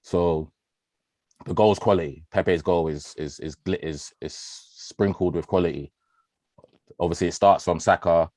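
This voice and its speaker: A man talks football on a podcast in a low, deep voice. He is animated and slangy, swears casually and laughs a lot. His voice is recorded close and dry, with no room sound. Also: measured pace, no echo. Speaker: podcast co-host, football fan.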